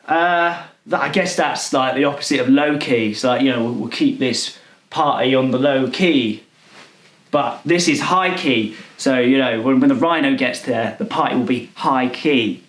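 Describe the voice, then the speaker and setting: A rambling, clueless millennial in his twenties, played by a man, who trips over his own words and mangles youth slang. His voice sits at an ordinary middle pitch and rings a little in a roomy space. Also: moderate pace, a bit bright, lightly acted. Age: 20s. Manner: rambling, hesitant, misusing slang. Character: clueless self-styled cool male millennial partygoer. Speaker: comedy character. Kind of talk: deadpan character monologue.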